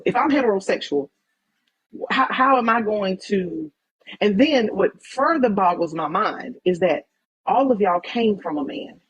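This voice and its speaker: A woman's voice: medium pitch, a little mellow, slightly rough, low-quality recording. A woman making her points in an online debate, emphatic and lecturing, with a lot of repetition. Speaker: TikTok debater. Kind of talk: live social media debate.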